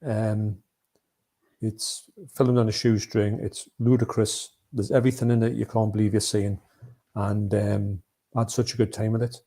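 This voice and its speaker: A man with a gravelly, husky, dark-toned voice chats casually on a live stream about films. He rambles a little and reads out viewer comments as he goes. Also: lowish voice, level tone, normal speed. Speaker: co-host of a live movie chat.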